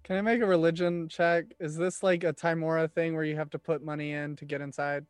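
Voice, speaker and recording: A man's voice: fairly high pitch, level tone, fairly quick, clean tone, dry recording, soft background music. A man playing a tabletop game, chatting casually and joking. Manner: joking, laughs often. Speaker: player.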